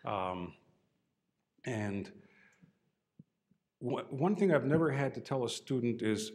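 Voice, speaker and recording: A man's voice: medium pitch, lively intonation, slow, pauses often, a little mellow. A man teaching a trombone masterclass, coaching a student with short, encouraging cues and dry humor.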